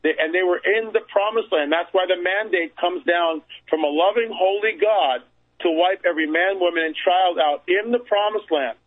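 A man with a fairly high voice holds forth as a radio guest. He tells his story emphatically and repeats phrases to drive points home. His voice comes through a thin, tinny phone line. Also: normal speed. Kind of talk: storytelling on a call-in radio show.

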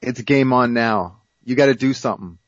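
A man's voice: medium pitch, moderate pace, dry recording. Emphatic male guest, dry lo-fi sound. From United States. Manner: emphatic, insistent. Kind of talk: talk show interview. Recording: dry muffled lo-fi audio.

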